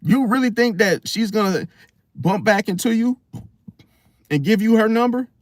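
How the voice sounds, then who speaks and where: An astrology vlogger with a high-pitched male voice delivers a casual, preachy monologue at a moderate pace, packed with slang and rhetorical questions like "See?" He's blunt and swears casually. The studio recording is clean, with no echo.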